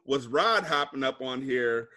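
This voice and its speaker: A man's voice: medium pitch, unhurried. A man co-hosting a podcast in casual, joking chat with friends. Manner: animated, laughing banter. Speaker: podcast co-host.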